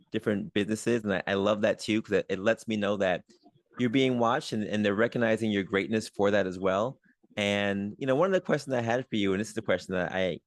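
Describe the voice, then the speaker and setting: A man's voice: fairly low pitch, no room sound, studio quality. A man hosting a podcast interview, affirming his guest and asking long, rambling questions. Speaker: podcast host and doctor. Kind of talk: casual interview.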